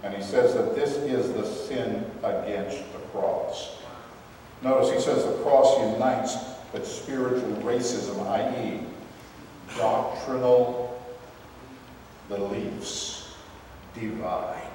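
A man hosting religious commentary, reading from documents and making earnest, emphatic points with halting restarts. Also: medium pitch, steady tone, warm tone, a little hiss or hum. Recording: echoey hall from far off.

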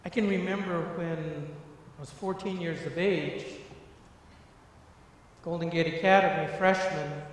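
A middle-aged man preaching a sermon, moving from hushed tones to fervent, repeated emphasis. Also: a little high, a little hiss or hum. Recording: echoey hall, far from mic.

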